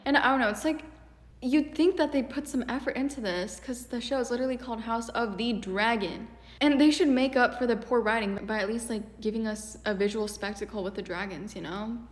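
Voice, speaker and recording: A young woman YouTuber giving a casual critique in an animated, exasperated way, with many fillers. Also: on the high side, fairly quick. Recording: echoey room with long reverb.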